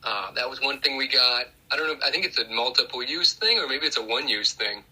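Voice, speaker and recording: A man with a bright, husky voice talks at a tabletop game. He thinks aloud and hesitates, often trailing off and starting over. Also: medium pitch, expressive, fairly quick, poor audio. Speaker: player. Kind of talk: casual chat at a game table.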